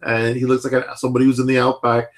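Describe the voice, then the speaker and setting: A man in his thirties chatting casually as a podcast host, rambling and filling pauses with "like" and "you know". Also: mid-range voice, monotone. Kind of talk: casual chat.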